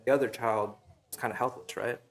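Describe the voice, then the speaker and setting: Young male preacher, mid-pitched, casual sermon delivery with lots of fillers. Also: steady tone, a little fast, creaky. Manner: casual, storytelling, frequent fillers and "right?". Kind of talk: conversational sermon. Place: church sanctuary.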